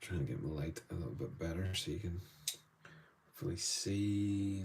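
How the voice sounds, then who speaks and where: A man's voice: deep voice, steady tone, normal speed, a little hiss or hum. A Northern Irish man chatting loosely through a live painting lesson, greeting viewers between strokes. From Northern Ireland. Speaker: art tutor.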